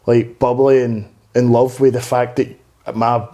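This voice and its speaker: Young male comic guest, mellow low-toned voice, rambling candid chat with plenty of swearing. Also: level tone, measured pace. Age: 20s. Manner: rambling, earnest, peppered with swearing and "mate". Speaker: podcast guest, stand-up comedian. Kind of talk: candid conversational interview.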